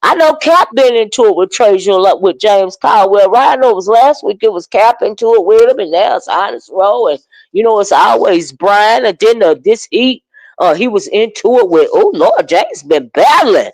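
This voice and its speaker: A man hosting a casual livestream, chatting about online drama and greeting viewers in the chat with drawn-out exclamations. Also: medium pitch, expressive, darkish tone, no room sound, low-quality recording. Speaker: livestream commentary host. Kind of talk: casual livestream gossip commentary.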